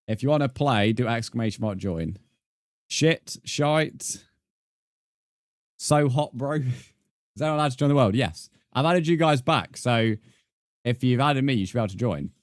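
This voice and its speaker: A man's voice: mid-range voice, animated, moderate pace, no echo, studio quality. A man, chatting casually with viewers while streaming a game and answering their comments. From England. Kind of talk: casual live-stream chat.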